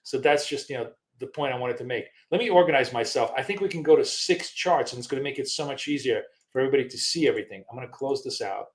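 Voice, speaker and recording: A man hosting a live trading session, thinking aloud casually with many fillers, restarts and the odd swear word. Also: mid-range voice. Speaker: trading show host. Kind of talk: live trading screen-share commentary.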